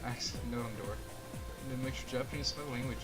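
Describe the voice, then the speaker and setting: A man's voice: medium pitch, fairly even intonation, brisk, loud music behind the voice. A laid-back man in casual gaming chat, talking while he plays and laughing often. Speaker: co-host playing the game on stream.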